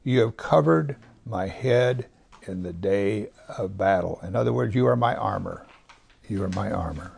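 A man with a gravelly edge to his voice, teaching scripture in an unhurried way. He leans hard on the words of each verse he reads aloud and lets his voice sink almost to a whisper for quiet moments. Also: lowish voice. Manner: reads scripture slowly with heavy emphasis; drops to a near whisper at times. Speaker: pastor. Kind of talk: Bible teaching.

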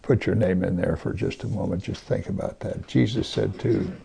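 A man preaching a sermon, reading scripture aloud and talking to his congregation with earnest emphasis, sometimes dropping to a hush. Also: low-pitched, fairly even intonation, normal speed, vocal fry, slight background noise. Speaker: pastor.

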